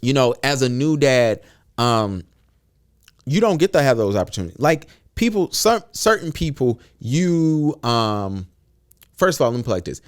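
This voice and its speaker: A man co-hosting a podcast, telling a story in a relaxed way and often agreeing. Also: medium pitch, normal speed, clean tone. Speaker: podcast co-host. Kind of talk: casual podcast talk.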